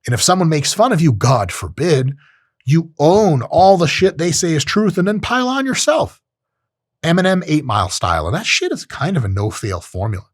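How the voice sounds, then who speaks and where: Man, podcast host, husky voice, swooping lively pitch, blunt and profane. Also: moderate pace, no echo, studio quality. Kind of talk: casual monologue on self-improvement.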